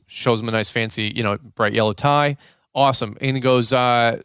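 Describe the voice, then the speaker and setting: A podcast host tells a story in a loose, rambling style, full of fillers and restarts. His voice is mid-range and slightly bright, clear and resonant, at a normal speed. The studio recording is clean with no echo.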